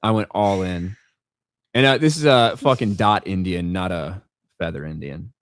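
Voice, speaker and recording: Male podcast host, low-ish voice, blunt and foul-mouthed, dry sound. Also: moderate pace, dry recording. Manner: blunt, profane, ranting. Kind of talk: casual chat.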